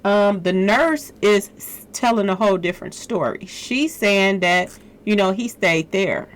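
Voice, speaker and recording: A woman's voice: medium pitch, measured pace. A woman hosting a casual commentary channel, chatty and informal. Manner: chatty, says y'all a lot. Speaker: channel host.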